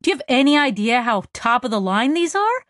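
A woman's voice: a little high, very animated, a little fast, fairly bright tone, no room sound, voice pushed up. A woman reading a wry, exasperated young male crewmate in an audiobook, close to her own voice. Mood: incredulous. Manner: wry and incredulous.

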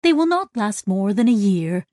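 A woman voicing a grave male alien ship's doctor who explains things slowly. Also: mid-range voice, very animated, darkish tone, no echo, studio quality, close to an everyday voice.

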